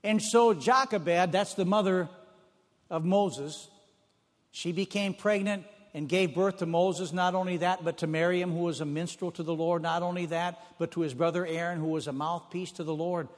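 High-voiced preacher in a reverberant hall. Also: male voice, fairly even intonation, moderate pace. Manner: folksy storytelling, repeats phrases for emphasis. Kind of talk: sermon.

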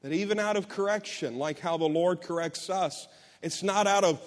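A man's voice: high-pitched, moderate pace. A middle-aged man preaching a sermon, telling a personal story in an earnest way with many restarts. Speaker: pastor. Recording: long hall reverb.

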